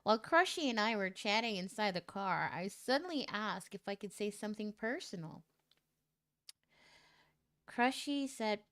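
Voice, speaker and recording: A woman streamer reading out a viewer's love story in a casual way, breaking into loud, shocked reactions and swearing. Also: medium pitch, expressive, moderate pace.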